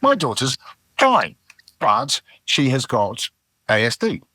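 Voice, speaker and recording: A man's voice: medium pitch, huge pitch swings, slow pace, sharp tone, dry recording. A middle-aged man, a comedian guesting on a podcast, telling rambling anecdotes with lots of restarts and acted-out asides. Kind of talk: casual chat, anecdotal storytelling.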